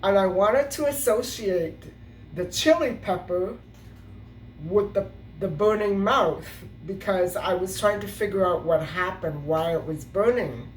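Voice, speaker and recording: A woman's voice: mid-range voice, measured pace, a little hiss or hum. Middle-aged woman, storytime vlogger, meandering delivery full of fillers, picked up in a roomy space some way from the mic. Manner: rambling, with many fillers and restarts. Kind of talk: casual storytime monologue. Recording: roomy sound from a distance.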